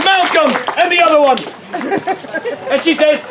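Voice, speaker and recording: A man with a very high voice narrates a comedy show with a teasing, playful manner and sudden shouted outbursts. He is recorded outdoors over a loud crowd and heavy background noise. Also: moderate pace. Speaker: street theatre performer. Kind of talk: comic narration of an audience-participation show. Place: outdoor festival stage.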